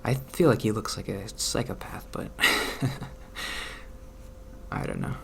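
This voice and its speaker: Young male vlogger, self-deprecating and mumbly, low and gravelly, faint hiss on the recording. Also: slow. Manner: awkward, self-deprecating, mumbly with soft laughs. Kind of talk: casual chat.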